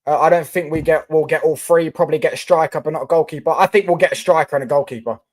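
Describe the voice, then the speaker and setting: A young man hosts a casual live stream, talking loosely and answering viewer comments as they come in. He speaks in a somewhat higher register, with frequent fillers and restarts. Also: fast talker, darkish tone.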